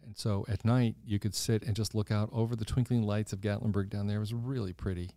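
A man hosting a podcast, telling stories in a gushing, animated casual chat. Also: lowish voice, fast, dry recording, clean studio sound. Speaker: podcast host.

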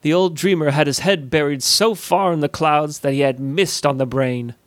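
A man voicing a brusque, caustic merchant guildmaster who speaks in a slow, dismissive grumble, recorded dry and close. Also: a little high, dry recording, lightly acted. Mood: scornful.

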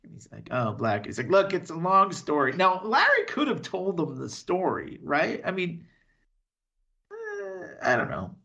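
A man co-hosting a podcast, retelling a TV episode in casual chat and slipping into quick voices for the characters. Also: high-pitched, vocal fry, highs cut off. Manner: animated retelling with quick impressions and laughs. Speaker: podcast co-host.

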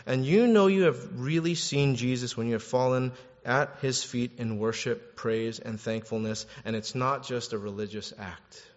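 A man preaching a sermon in a lively, conversational way, acting out quotes and repeating words as he goes. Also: mid-range voice, moderate pace, hardly any pauses. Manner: animated, conversational, acts out quotes, restarts words. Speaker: pastor. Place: church hall. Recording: echoey hall, dull sound.

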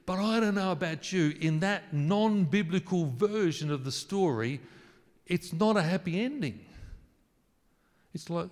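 A man preaching a sermon, earnest and emphatic at times, then soft and intimate. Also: sits high, lively intonation, unhurried. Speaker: pastor. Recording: long hall reverb.

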